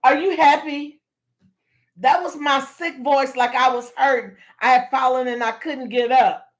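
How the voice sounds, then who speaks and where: A woman's voice: high-pitched, fairly even intonation, unhurried. A woman hosting a casual livestream chat, playful and teasing, laughing often as she talks to her viewers. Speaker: livestream host.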